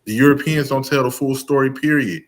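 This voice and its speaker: A man's voice: medium pitch, a little fast. Blunt, emphatic man talking opinions. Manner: blunt, emphatic, frequent restarts. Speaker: host of commentary channel. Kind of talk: casual opinion talk.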